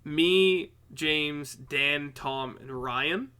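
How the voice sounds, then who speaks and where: A young adult man co-hosting a podcast, sounding very tired, telling a story in a laid-back, drawn-out way. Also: fairly high pitch, sharp tone, clear, resonant tone. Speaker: podcast co-host. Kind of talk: casual storytelling chat.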